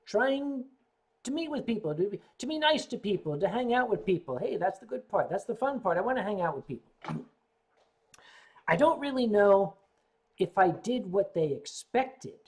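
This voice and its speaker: Husky older man chatting and drinking. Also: high voice, sing-song, moderate pace, a little mellow. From United States. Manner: rambling, clears his throat often; sipping drinks while chatting. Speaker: livestream host. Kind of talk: casual livestream chat reading viewer comments.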